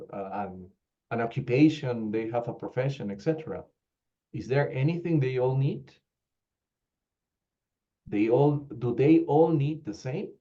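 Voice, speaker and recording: A man from Peru leads an online teacher training session, firing rhetorical questions at his audience. His voice is mellow and low in brightness. The call audio sounds slightly dull and lo-fi. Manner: animated, rhetorical questions, acts out quoted teachers. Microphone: video call.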